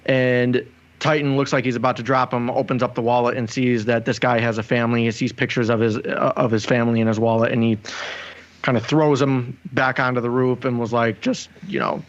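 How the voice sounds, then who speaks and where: A man's voice: medium pitch, flat delivery, brisk, dull audio. A man co-hosting a podcast, retelling scenes step by step in casual chat. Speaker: podcast co-host.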